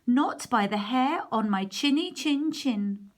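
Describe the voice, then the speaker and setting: A woman voicing small young male pigs in a storybook reading, high and emphatic. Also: animated, takes it slowly. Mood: squeaky.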